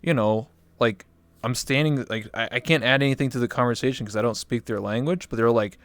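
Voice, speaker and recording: A man's voice: mid-range voice, a little fast, dry recording. A man from Canada hosting a casual interview, joking and loose, reading questions from a live chat. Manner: loose, joking, slips into a mock Texan drawl for gags. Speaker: interview show host.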